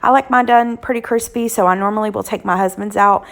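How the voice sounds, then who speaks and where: A woman in her thirties or forties, a cooking channel host, hoarse from illness, chatting casually with lots of ums as she walks through weeknight dinners. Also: medium pitch, steady tone, quick pace, fairly bright tone. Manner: chatty, homey, frequent "um" fillers. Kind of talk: casual cooking vlog narration.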